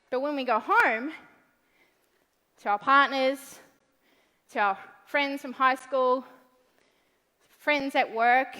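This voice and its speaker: A woman's voice: sits high, a bit bright. A woman with a New Zealand accent giving a motivational talk at an event, blunt, profane and playful. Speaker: motivational speaker. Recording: long hall reverb.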